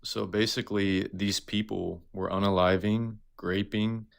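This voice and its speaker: A man's voice: on the low side, little pitch movement, a little slow, creaky, clean tone. A man in his twenties calling in to a livestream, earnest and a bit rambling. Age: 20s. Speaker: caller. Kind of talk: casual call-in chat.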